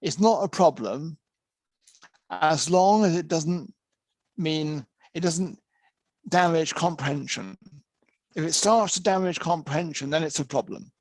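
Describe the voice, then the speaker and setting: A man giving a lecture, explaining points in a measured way with occasional self-corrections. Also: on the high side, no room sound. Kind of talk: lecture on interpreting.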